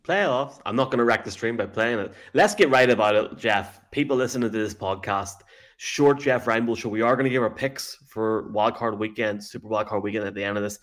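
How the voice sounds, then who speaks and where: A man from Ireland, co-hosting a sports podcast in a chatty, teasing way. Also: fairly low pitch. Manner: chatty, teasing, quick to laugh. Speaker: podcast co-host. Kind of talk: casual sports chat.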